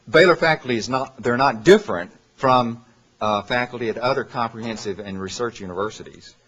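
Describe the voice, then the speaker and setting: Guy with a low husky voice giving a lecture, lots of uhs, kinda muffled lo-fi recording. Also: fairly bright tone. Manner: halting, many "uh" fillers and self-corrections. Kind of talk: academic lecture with handout.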